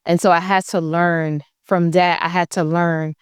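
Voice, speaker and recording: A woman's voice: fairly low pitch, little pitch movement, a little slow, hardly any pauses, clean tone, no echo, clean studio sound. A woman guest on a podcast, telling her own stories in a blunt, emphatic, candid way. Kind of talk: candid conversational storytelling.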